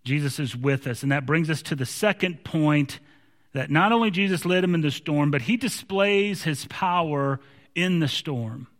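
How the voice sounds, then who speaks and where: A man with a high-pitched voice delivers an emphatic sermon, often doubling back on his words. His voice rings out with the long reverb of a large hall. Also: animated, normal speed. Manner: emphatic, repeats words when restarting. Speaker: preacher.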